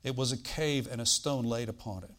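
A man preaching a sermon, reading scripture aloud and explaining it, swinging from loud bursts to quiet asides. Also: mid-range voice, fairly quick. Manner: animated preaching, bursts loud on quoted lines then drops quiet; reads old-style scripture, asides with "all right?".

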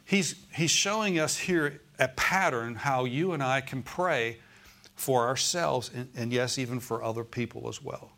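A man's voice: mid-range voice, a little slow, gravelly, bright, forceful tone. A man preaching a sermon to his congregation, emphatic and repeating key phrases, asking the room if they follow. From United States. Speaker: pastor. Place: church sanctuary with congregation.

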